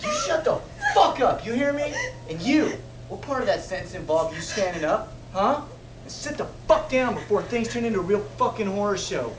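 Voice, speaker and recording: An actor playing a volatile armed robber who shouts profane orders. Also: male voice, high-pitched, animated, a little fast, reverberant, noisy background. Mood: furious. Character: volatile armed male robber, crude and bossy. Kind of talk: indie film acting.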